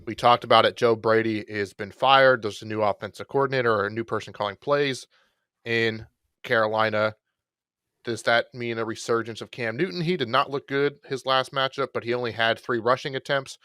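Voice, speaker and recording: A man co-hosting a podcast, talking through fantasy football picks in a relaxed, rambling way with self-deprecating jokes. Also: mid-range voice, brisk, smooth, no room sound, studio quality. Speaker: podcast co-host. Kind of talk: casual fantasy football chat.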